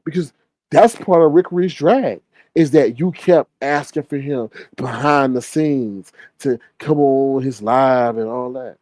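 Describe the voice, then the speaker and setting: A man's voice: mid-range voice, a little slow, darkish tone, no echo. A man hosting a livestream, chatting casually and gossiping in a sassy way while reading the chat. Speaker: livestream host.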